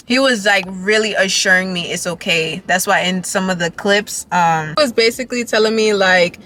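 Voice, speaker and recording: Bright, excitable young woman vlogger. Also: medium pitch, normal speed. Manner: excited, rambling, heavy on "like" and "y'all". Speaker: dance vlogger. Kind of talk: casual storytelling vlog.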